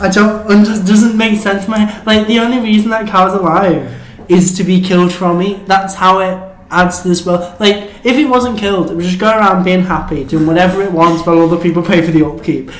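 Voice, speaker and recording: A man's voice: high voice, steady tone, a little fast, few pauses, reverberant, low-quality recording. A man in his twenties with a Northern English accent, ranting bluntly and swearing as a guest. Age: 20s. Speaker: guest comedian. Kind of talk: casual chat.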